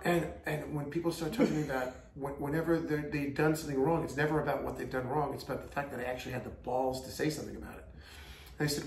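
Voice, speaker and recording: A man's voice: mid-range voice, steady tone, fast, creaky, echoey room, crowd noise. A middle-aged man with a Long Island accent, chatting as a guest, rattling off emphatic rants full of mimicked quotes. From Long Island, New York. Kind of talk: casual chat.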